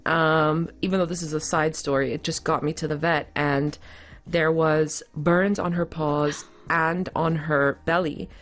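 A woman's voice: deep voice, steady tone, a little slow, a bit bright. A woman co-hosting a casual chat, telling stories with playful asides. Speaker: podcast co-host.

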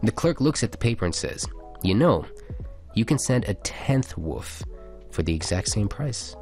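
A man's voice: on the low side, very animated, moderate pace, darkish tone, faint music behind. A man co-hosting a casual radio chat, reading listener messages and jokes aloud in a laid-back way. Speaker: radio show co-host.

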